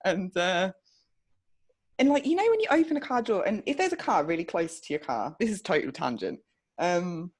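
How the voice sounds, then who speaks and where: A woman's voice: lowish voice, big pitch swings, normal speed, slightly rough. A woman co-hosting a podcast in casual chat, blunt and outspoken, swearing freely. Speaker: podcast co-host.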